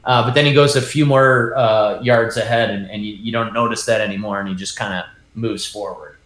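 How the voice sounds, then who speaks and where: A man narrating as dungeon master in a tabletop game, halting, with many ums and restarts. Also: lowish voice, fairly even intonation, fairly bright tone. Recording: roomy echo.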